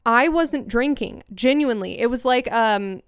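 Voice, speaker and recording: Young female podcast co-host, high-ish smooth voice, dry and close, rambling casual storyteller. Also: moderate pace, no echo. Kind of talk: casual chat.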